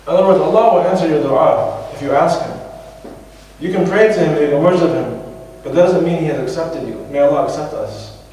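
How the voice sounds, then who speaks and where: American imam preaching in an echoing mosque hall. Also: male voice, a little high, brisk, darkish tone, slight background noise. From USA. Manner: reflective, conversational, restarts phrases. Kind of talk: sermon. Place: large mosque prayer hall. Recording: echoey hall from far off.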